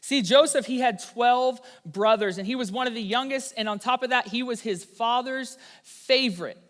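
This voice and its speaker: A young man preaching a youth sermon, telling a story with lively energy. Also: very high voice, moderate pace, long reverb tail. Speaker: youth pastor.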